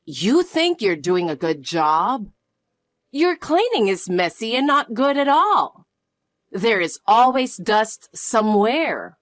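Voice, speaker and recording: A woman voicing a harsh, scornful mother-in-law who talks in a slow, cold, cutting way. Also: on the high side, very animated, dry recording. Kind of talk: dramatized story dialogue.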